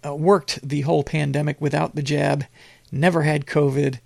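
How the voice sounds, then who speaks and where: An older man hosting a casual political commentary show, rambling and halting with many fillers, blunt and opinionated. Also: on the high side, level tone, vocal fry, darkish tone, no echo, clean studio sound.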